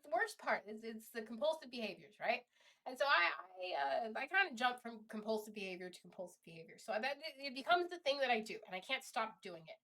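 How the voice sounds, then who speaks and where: A woman streamer talking through her feelings in a halting, candid monologue, often restarting and swearing freely. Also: fairly high pitch, fairly bright tone.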